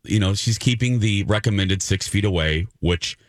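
A man's voice: lowish voice, normal speed, no room sound, studio quality. A male radio host, telling anecdotes on a casual talk show and voicing the people in them. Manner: animated storyteller, voices others in his anecdotes.

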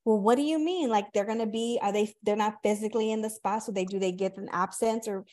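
A woman's voice: medium pitch, quick pace. A woman in her thirties hosting a podcast, chatting casually and acting out the voices in her stories. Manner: animated storyteller, acts out quoted voices, swears casually. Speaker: podcast host. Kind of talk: casual conversation.

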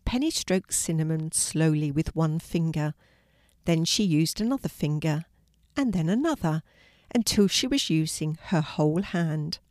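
An older woman, a storyteller, gently reading a children's story aloud in a clear voice. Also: low voice, expressive, a little slow, no room sound, studio quality.

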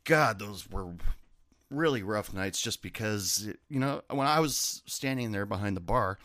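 A man's voice: on the low side, animated, measured pace, fairly bright tone, no room sound, clean studio sound. A man who has worked as a bartender, talking in a rambling, chatty way and correcting himself as he goes. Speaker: former bartender telling stories. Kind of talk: casual monologue.

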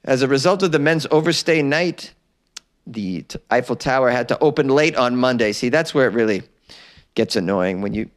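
A man's voice: mid-range voice, lively intonation, moderate pace. An American man hosting a comedy news podcast, reading odd stories with sarcastic asides and laughing at his own jokes. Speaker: podcast host. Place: small closet.

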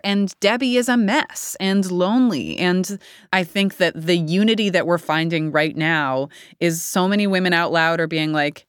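A woman's voice: fairly low pitch, moderate pace, smooth, no echo, clean studio sound. A woman in her thirties, an actor guest chatting candidly in a rambling interview, laughing often. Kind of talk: casual interview chat.

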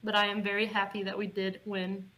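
A woman's voice: medium pitch, monotone, a little fast, pushed and bright, rough recording. A woman co-hosting a podcast in casual chat, bubbly and chatty. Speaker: podcast co-host.

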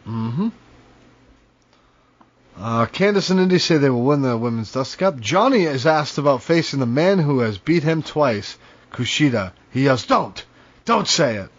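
A laid-back man chatting on a podcast, mid-pitched and easygoing, swearing casually and laughing often. The audio is dull and lo-fi. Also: animated, moderate pace. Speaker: podcast co-host. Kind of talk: casual chat.

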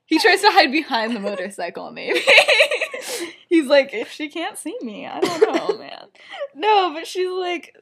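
Giggly high-voiced young woman storyteller. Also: very animated, measured pace, gravelly, a bit bright. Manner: giggly, filler-heavy, acts out quotes. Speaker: podcast co-host. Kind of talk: casual chat retelling a fan story.

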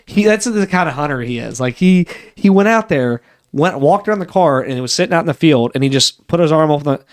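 A man's voice: fairly high pitch, brisk. A man in his thirties, a podcast co-host, telling a story in casual chat and acting out the voices he quotes. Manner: animated, acts out quoted voices.

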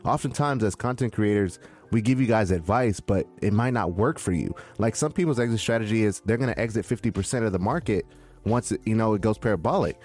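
A man co-hosting a crypto chat, preachy and animated. His pitch swings widely as he acts out other people's panicked questions. Faint music plays underneath. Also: fast talker. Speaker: crypto podcast co-host. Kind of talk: casual chat.

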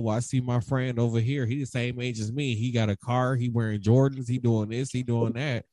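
A man's voice: mid-range voice, steady tone, a little fast, hardly any pauses, mellow, no echo. A man talking in a casual group discussion, hesitant, with many fillers.

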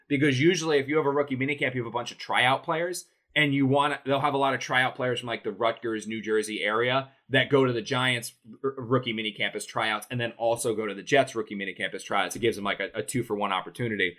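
A young man chatting on a podcast as a sports reporter, racing through a rambling story. His voice is bright and forward, and he keeps restarting sentences and piling on fillers. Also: medium pitch, fairly even intonation, fast, hardly any pauses. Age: young adult. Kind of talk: casual podcast chat.

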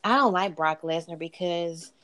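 A woman in casual chat, blunt and opinionated, quick to give her judgments. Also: lowish voice, fairly bright tone.

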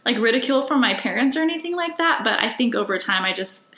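Over a low-quality, reverberant recording, a female podcast host talks at a quick pace in an animated, high-leaning, sharp voice. It's a casual interview chat, rambling and full of fillers.

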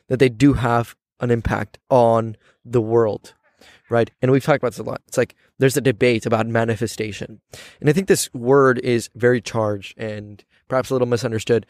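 Guy hosting a podcast, mid pitch, thoughtful, keeps asking right?, dry sound. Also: steady tone, moderate pace, a little mellow, no room sound. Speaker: podcast host. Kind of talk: reflective casual conversation. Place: outdoors on campus steps.

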